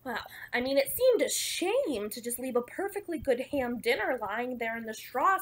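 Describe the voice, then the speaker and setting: A woman reading a picture book aloud in the wolf's first-person voice, playful and expressive, with chatty asides to listeners. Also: sits high, normal speed. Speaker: storybook reader.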